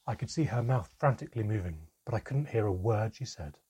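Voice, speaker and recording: A man narrates an audiobook in a dramatic, first-person storytelling manner. His voice sits low and sounds very husky and breathy. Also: animated, fairly quick, warm tone.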